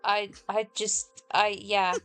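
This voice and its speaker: A woman's voice: medium pitch, flat delivery, takes it slowly, fairly bright tone, clear, resonant tone, soft background music. A woman whose accent mixes British and American, hosting a stream in rambling, filler-heavy casual chat. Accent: mixed British and American. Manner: chatty, rambling, many fillers. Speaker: streamer host.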